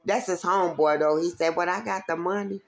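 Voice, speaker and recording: A woman with a low, gravelly voice tells a rough story from her street days. She swears freely and jumps into other people's voices as she goes. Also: fairly quick. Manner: animated, profane street storytelling with voiced quotes. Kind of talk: casual storytelling.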